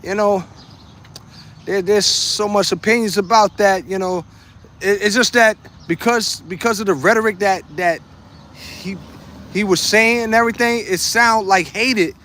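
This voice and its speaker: Chatting casually on his livestream, this US host reads out comments from viewers, laughs often, and repeats his phrases. He has a high-pitched, bright, forceful voice and talks a little slowly.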